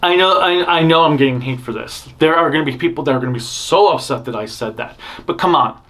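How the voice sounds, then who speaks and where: A man's voice: fairly high pitch, quick pace, a bit bright. A man hosting a fan news show, rambling through blunt opinions with frequent restarts and self-interruptions. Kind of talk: casual opinionated news commentary.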